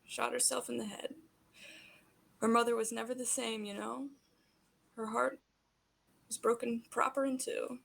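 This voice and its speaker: A woman voicing a gentle, grieving old man who speaks softly and in a folksy way, calling people honey. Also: a little high, little pitch movement, unhurried, creaky, long pauses, heavily acted. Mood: sorrowful. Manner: folksy, soft-spoken, calls people honey.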